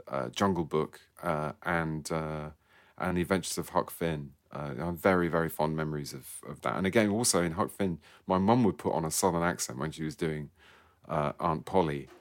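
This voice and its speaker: Deep-voiced man chatting wryly. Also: fairly even intonation, no room sound, studio quality. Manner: self-deprecating, wry, halting restarts. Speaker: guest author. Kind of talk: casual interview chat. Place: studio.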